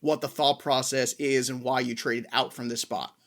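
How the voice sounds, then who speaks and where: A man's voice: mid-range voice, level tone, moderate pace, fairly bright tone. A man hosting a sports podcast, passing the draft picks between panelists in an easygoing way. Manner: easygoing, moving the draft along. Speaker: host. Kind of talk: casual sports chat.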